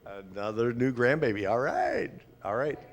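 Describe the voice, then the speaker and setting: A man pastor preaching informally to a small congregation, chatty and halting, with frequent restarts. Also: mid-range voice. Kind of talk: informal sermon with congregation sharing. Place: church sanctuary.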